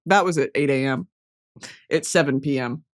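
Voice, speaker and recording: A young woman hosting a podcast in a casual comedic monologue, profane and animated, jumping from loud outbursts to low mutters. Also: moderate pace. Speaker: podcast host.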